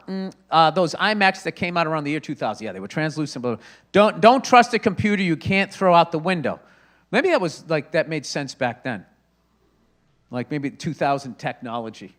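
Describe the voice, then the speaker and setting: A man hosts a comedy podcast in a profane, rambling rant. His voice is pitched high for a man. He swings between loud outbursts and low muttering. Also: slight background noise. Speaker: podcast host.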